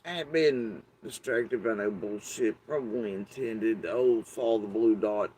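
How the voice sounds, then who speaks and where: A man's voice: on the low side, measured pace, darkish tone, a little hiss or hum, rough recording. A middle-aged man talking to his YouTube audience in a casual, wry and meandering way, swearing freely. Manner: profane, wry, meandering with fillers. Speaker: YouTube commentator. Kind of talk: casual rambling monologue.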